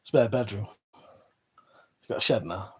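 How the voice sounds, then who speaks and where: A man's voice: fairly low pitch, unhurried, husky. An English man hosting a casual livestream, chatting loosely with viewers, swearing freely and trailing off mid-sentence. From England. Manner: swears freely, rambling and self-interrupting. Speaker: livestream host reading chat. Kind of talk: casual chat. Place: indoor room with weapon collection wall.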